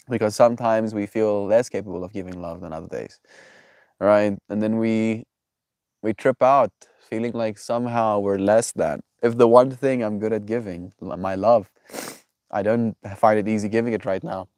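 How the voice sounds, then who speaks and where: A man's voice: fairly low pitch, steady tone, a little slow, pauses often, darkish tone, clean tone, dry recording, studio quality. A man with a stuffy nose chatting casually on a live stream, reflective and affectionate, reading viewers' names aloud and musing about life.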